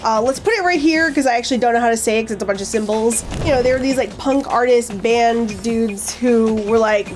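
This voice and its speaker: A woman co-hosting a casual movie chat, talking quickly and filling her sentences with "like". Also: on the high side. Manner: quick, lots of "like" fillers. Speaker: podcast co-host.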